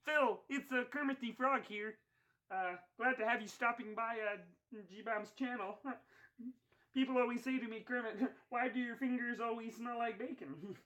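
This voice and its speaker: A man's voice: extremely high pitch, a little slow, bright, forceful tone, full character voice. Kermit, a man doing a cheerful frog puppet. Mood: cheery. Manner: chatty, giggly. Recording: dull lo-fi sound.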